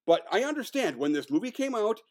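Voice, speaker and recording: A man talks through an old film in casual review chat, blunt and often profane. His voice sits a little high for a man. He breaks into loud bursts of mock outrage now and then. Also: sing-song, a little fast. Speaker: podcast co-host.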